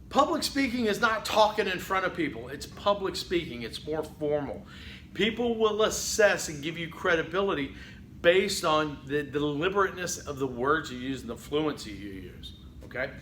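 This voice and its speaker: A man teaching a public speaking class in a conversational lecture, often saying "okay" and acting out halting speech full of fillers. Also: on the high side, sharp tone, reverberant, a little hiss or hum, rough recording. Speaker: college public speaking instructor. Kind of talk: recorded lecture.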